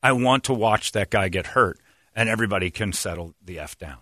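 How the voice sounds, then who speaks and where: A man's voice: lowish voice, brisk, bright, forceful tone, dry recording, studio quality. A man in casual sports talk, ranting bluntly and acting out what others said. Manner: blunt, ranting, acts out quotes in put-on voices.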